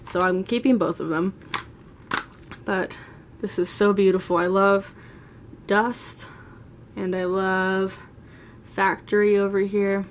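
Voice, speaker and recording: Young woman in her twenties, beauty vlogger, chatty and gushing, mid-pitched voice. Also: fairly even intonation, takes it slowly, long pauses, a little hiss or hum. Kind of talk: casual makeup collection tour. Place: at home, seated.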